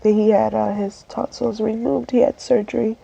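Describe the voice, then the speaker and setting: A woman telling a personal story while crying, halting and tearful, with many restarts. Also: a little high, flat delivery, creaky, mellow. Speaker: vlogger. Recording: dull lo-fi audio with faint background noise.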